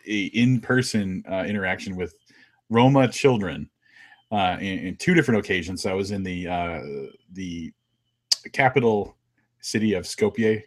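Rambling American man, lowish voice. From United States. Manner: rambling, many fillers and restarts. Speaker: podcast co-host. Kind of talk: casual podcast chat.

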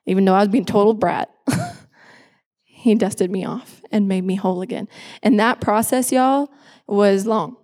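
A pastor in her twenties delivers a personal testimony sermon from a church stage, her mid-range voice measured and a little mellow. She speaks emphatically and repeats phrases for effect, and the echoey hall gives her a long reverb.

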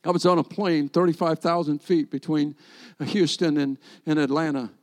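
A man's voice: on the high side, moderate pace. A middle-aged man, a rabbi, preaching a sermon and telling stories while acting out the dialogue. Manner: animated storyteller acting out dialogue. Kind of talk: sermon storytelling.

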